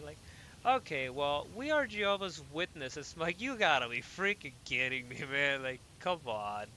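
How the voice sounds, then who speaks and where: A young man rambles through a story in a lively, casual way, full of fillers and restarts. His voice is bright and forward. A faint hum sits under the recording. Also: on the high side, unhurried. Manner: animated, lots of fillers and self-corrections. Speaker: gaming podcast host. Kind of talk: casual storytelling while gaming.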